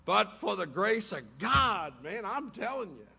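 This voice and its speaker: High gravelly man telling stories. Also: big pitch swings, a little slow, bright, forceful tone. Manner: folksy storytelling with laughing asides. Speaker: recovery meeting speaker. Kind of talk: personal testimony talk. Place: hotel conference room.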